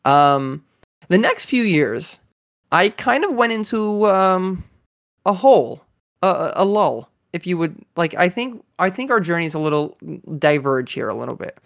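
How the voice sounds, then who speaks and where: A man in his twenties in a casual chat, talking earnestly and excitedly as a fan. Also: high-pitched, unhurried, gravelly, no echo, studio quality. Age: 20s.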